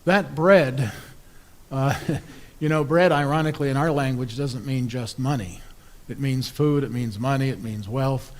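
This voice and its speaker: A man's voice: mid-range voice, measured pace. A man, an Episcopal priest, preaching a sermon in a conversational, wry storytelling way.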